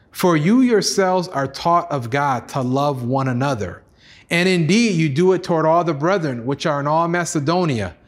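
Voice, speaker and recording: A man preaching a sermon as pastor, earnest, acting out voices with sudden rises in pitch. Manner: earnest preaching, acts out God's pleading voice, rises high for excited lines.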